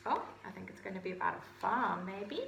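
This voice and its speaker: A woman reading a picture book aloud to children, animated and pointing out the pictures as she goes. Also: medium pitch, quick pace, gravelly, reverberant, highs cut off, a little hiss or hum. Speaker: children's story reader.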